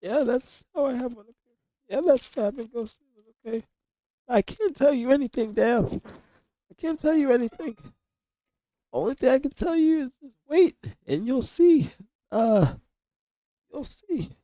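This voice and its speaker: A young man streaming live with a hoarse, cracking voice from illness, rambling and swearing in casual chat. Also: extremely high pitch, animated, normal speed, pauses often, dark tone, dry recording. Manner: coarse, rambling, swears a lot, repeats himself.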